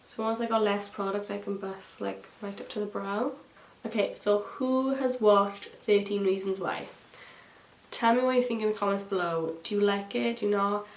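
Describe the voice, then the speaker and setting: A woman's voice: medium pitch, fairly even intonation, normal speed. A woman vlogging a chatty makeup tutorial, rambling with gossipy asides and plenty of fillers. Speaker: beauty vlogger. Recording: echoey room with faint hiss.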